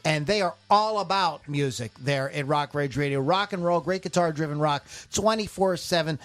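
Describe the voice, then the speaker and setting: High-voiced rambling podcast host man. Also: a bit bright. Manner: rambling and jokey, often laughing at himself. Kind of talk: casual podcast chat.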